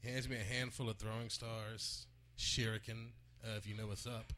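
A man doing a laid-back stand-up set in a comedy club, telling his bits in a deadpan way. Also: lowish voice, normal speed, slight background noise.

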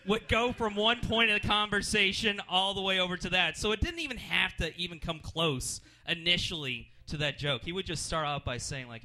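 Male stand-up comic, high voice, very bright and forceful tone, rambling delivery, comedy club stage. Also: a little fast, hardly any pauses. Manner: rambling, jumps in pitch for punchlines and put-on voices. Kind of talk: open mic stand-up set.

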